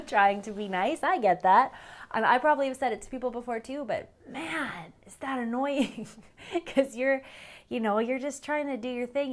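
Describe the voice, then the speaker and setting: A woman in her thirties with a North American accent, chatting casually to the camera, animated and laughing often. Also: on the high side. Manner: animated, laughs often, exaggerated quoted voices. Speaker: vlogger.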